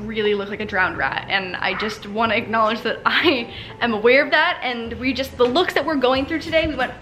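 A woman's voice: a little high, a little fast, a bit bright, slight background noise. A young woman chatting casually to her camera at home in a vlog, bubbly and chatty. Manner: bubbly, chatty, baby-talks her dog. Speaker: vlogger.

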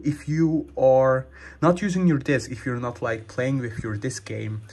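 Young man, casual tech tip vlog, rambling, mid-range pitch, a bit out of breath. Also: breathy edge. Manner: rambling, repeatedly addresses viewers as guys. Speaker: gaming channel host.

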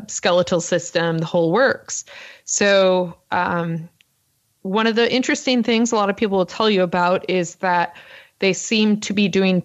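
A woman co-hosting a podcast, recounting a story in a casual, fast, filler-heavy way. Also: fairly low pitch, dull audio. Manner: fast-talking, lots of ums and uhs. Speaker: podcast co-host.

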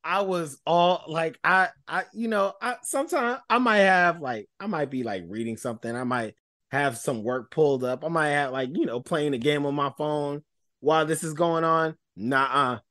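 A man co-hosting a casual pop-culture podcast, talking in an expressive, slangy, emphatic way. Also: moderate pace, no echo, studio quality. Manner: expressive, slangy, emphatic, drops into low quoted asides. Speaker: podcast co-host.

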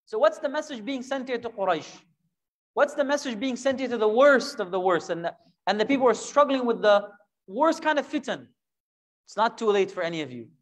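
A man teaching a Quran lesson, animated and full of rhetorical questions, now and then acting out imagined voices. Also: very high voice, a little fast.

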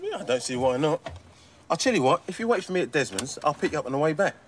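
An actor playing a cheeky, boastful market trader with a working-class London accent. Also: male voice, on the high side, sing-song, fast. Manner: chirpy, boastful. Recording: noisy old TV audio.

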